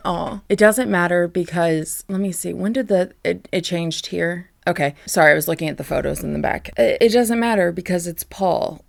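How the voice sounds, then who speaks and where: A woman's voice: fairly low pitch, normal speed, vocal fry, few pauses. A woman talking in a casual music-commentary vlog, blunt and profane, rambling with asides and self-corrections. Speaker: music vlogger.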